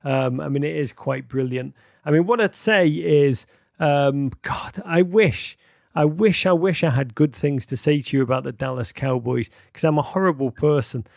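A middle-aged man hosting a live call-in show, rambling and repeating words as he speaks warmly and emotionally to callers. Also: a little high, moderate pace, gravelly, no echo, studio quality. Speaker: podcast host taking callers.

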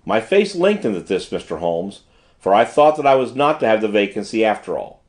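A man's voice: on the low side, sing-song, fairly quick. A man narrating an audiobook in the first person, in formal period prose. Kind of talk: scripted narration.

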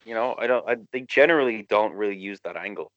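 A man co-hosting a casual wrestling podcast, talking fast and swearing freely. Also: fairly low pitch, a bit bright, highs cut off. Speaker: podcast co-host.

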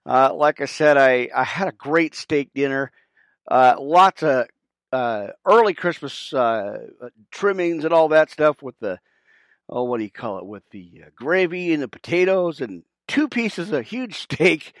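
A breathless man, a pastor hosting a podcast, rambles through his setup in a slightly high voice. He keeps stopping to call his listeners friends and fills the gaps with halting sounds. The sound is close and dry, with almost no room echo. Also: expressive. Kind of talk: casual chat while setting up a livestream.

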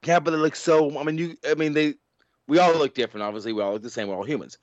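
A man's voice: fairly high pitch, fast, no room sound. Male podcast host, rambling and chuckly, dull lo-fi dry sound. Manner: rambling, laughs often, restarts. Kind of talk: casual podcast chat.

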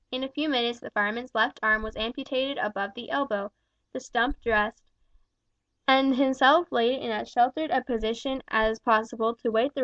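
A woman reads a novel aloud in a steady, measured manner. Her voice sits somewhat high. The recording is dry and a little dull. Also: no echo. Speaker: audiobook reader. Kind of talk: scripted narration.

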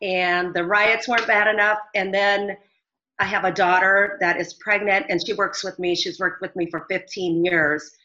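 Bright-voiced woman telling a story earnestly. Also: mid-range voice, steady tone, moderate pace. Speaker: business owner caller. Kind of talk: phone-in interview. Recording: dull lo-fi audio.

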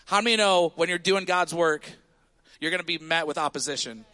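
A man in his thirties preaching a sermon as pastor of a church, telling a story with animated call-outs to the congregation. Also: a little high, a little fast. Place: church sanctuary.

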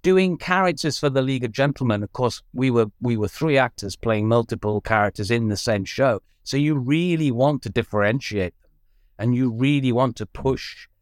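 A male actor and writer being interviewed, talking thoughtfully with frequent ums and lively swings in pitch. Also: moderate pace, clear, resonant tone, no room sound, clean studio sound. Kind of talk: casual interview chat.

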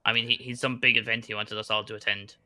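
A man voicing a wary young man who asks quick, stammering questions about his brother. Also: lowish voice, little pitch movement, pushed and bright, dry recording. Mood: curious.

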